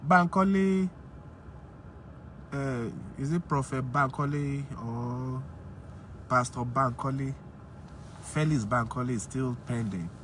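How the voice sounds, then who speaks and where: A man giving an emphatic, animated casual monologue as a commentator. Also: slow pace, long pauses, slight background noise. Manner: emphatic, rises high when indignant.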